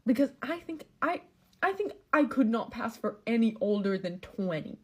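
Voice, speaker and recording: A woman's voice: a little high, big pitch swings, normal speed, breathy edge. An eighteen-year-old woman telling a casual story and putting questions to the viewer. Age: teens. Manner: chatty, asks the viewer questions.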